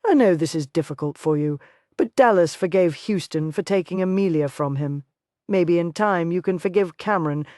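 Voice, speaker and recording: A narrator voicing a gentle frontier woman who speaks quietly and soothingly, in an audiobook. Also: mid-range voice, moderate pace, no echo, studio quality, lightly acted.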